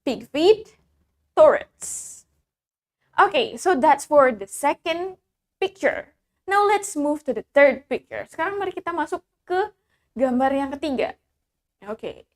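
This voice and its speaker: A woman teaching English vocabulary, pronouncing each word slowly and repeating it for learners. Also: sits high. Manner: slow, careful pronunciation, repeating each word. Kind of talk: vocabulary lesson with repetition drills.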